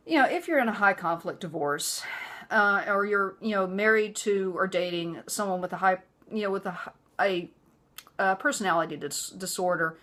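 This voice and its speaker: Animated, chatty woman vlogger. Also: medium pitch. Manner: chatty, full of "you know" fillers, animated. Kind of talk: casual storytelling to camera.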